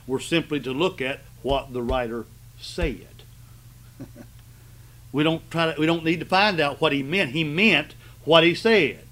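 Emphatic preacher man, higher voice. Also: measured pace, fairly bright tone. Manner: emphatic, repeats and stresses key phrases, asks the congregation "right?". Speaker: pastor. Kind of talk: sermon.

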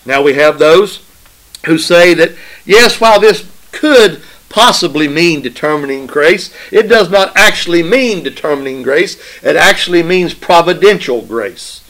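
A man delivering a sermon at a slow, deliberate pace, his voice sitting a little high. He drives points home by repeating phrases and keeps checking in with his listeners in a call-and-response manner. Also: lively intonation, a bit bright, low-quality recording. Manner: call-and-response preaching, asks congregation "right?"; emphatic, repeats phrases for stress. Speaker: preacher.

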